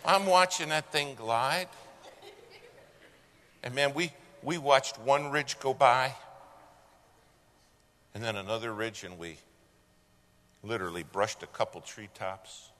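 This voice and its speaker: A man telling a personal story live in a folksy, animated way. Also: medium pitch, slow pace, long pauses. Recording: long hall reverb, faint noise.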